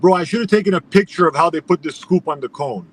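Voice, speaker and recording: Iranian-born man, high voice, animated rant, casual stream chat. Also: fast, a little hiss or hum. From Iran. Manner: animated ranting storyteller, swears a lot. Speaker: streamer telling a story.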